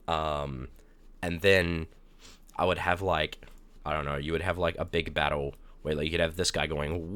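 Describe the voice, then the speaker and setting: Deep-voiced young male streamer, rambling. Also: moderate pace. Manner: animated, with loud cursing outbursts and rambling anecdotes. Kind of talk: casual live-stream chat. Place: indoors at a streaming setup.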